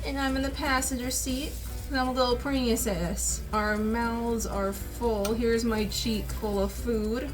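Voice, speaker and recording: A woman's voice: a little high, steady tone, measured pace, over music, rough recording. A woman chatting playfully while making pancake art at home, teasing and giggling. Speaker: vlog co-host.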